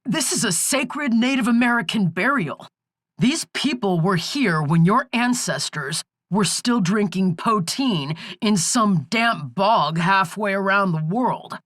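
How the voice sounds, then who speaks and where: A woman voicing a hotheaded young man in an audiobook, shouting in outrage. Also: medium pitch, animated, slow pace, no room sound, studio quality. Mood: outraged. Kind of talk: audiobook character voice.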